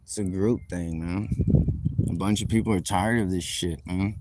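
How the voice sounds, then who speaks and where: A man's voice: deep voice, steady tone, moderate pace, noisy background. A man telling a heated, profane, rambling story during a live stream rant, recorded on a phone outdoors on a city street. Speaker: livestreamer.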